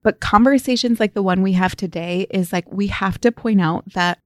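A woman's voice: medium pitch, normal speed, dry recording, clean studio sound. A woman co-hosting a podcast in casual chat, retelling stories with quoted dialogue. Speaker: podcast co-host.

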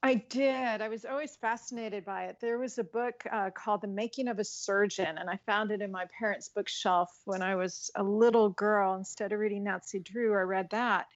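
A woman in her sixties from Colorado, a physician, giving thoughtful, measured answers in an interview. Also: mid-range voice, steady tone, lo-fi sound. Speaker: physician guest.

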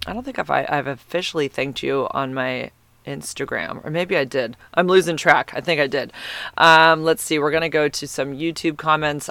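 A man in his fifties chats on his solo podcast in a bright, forceful voice that stays smooth and crisp. He gushes and rambles, with plenty of ums, and his pitch sits a little above the usual for a man. The sound is dry and close. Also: no echo. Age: 50s. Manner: gushing, rambling, lots of fillers. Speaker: podcast host. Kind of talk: casual solo podcast chat.

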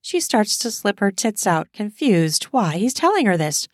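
A woman reads an erotic audio story in a steady, explicit storytelling way, at medium pitch and a little slowly. She's close to the mic, and the sound is dry and dead with no echo.

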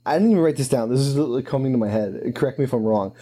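Dark-voiced, laughing male co-host. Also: medium pitch, very fast. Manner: laughs a lot, loose and profane. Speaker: podcast co-host. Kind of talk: casual podcast chat.

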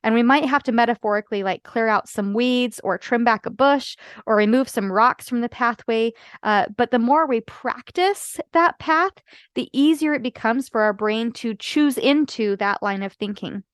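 A woman life coach talks through her podcast in an earnest, explanatory way, often pausing to check in with her listeners. Her voice sits a little high for a woman. The sound is close and dry, with no room around it. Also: dry recording. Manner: earnest, explanatory, frequent "right?" asides. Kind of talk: solo podcast talk.

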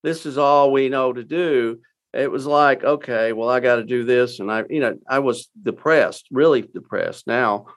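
An older Texan man, interviewed as a guest, tells his story in a mid-range voice. His delivery is folksy and halting, full of fillers and restarts.

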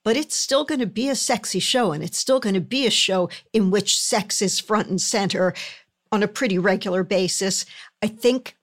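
A woman guest telling stories in a casual chat, thoughtful and halting. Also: mid-range voice. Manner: thoughtful, halting, restarts phrases. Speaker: guest, series creator.

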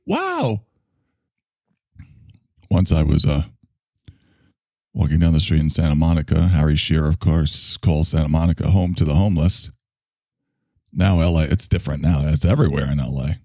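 Man, spiritual teacher, casual monologue, digressive, very animated pitch, dry close sound. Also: no room sound. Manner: rambling, digressive storyteller; swears casually.

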